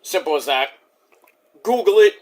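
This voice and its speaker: A man's voice: sits high, expressive, normal speed, over a noisy crowd. A man giving a brash, boastful, rambling spiel to open his own channel's video. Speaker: YouTuber.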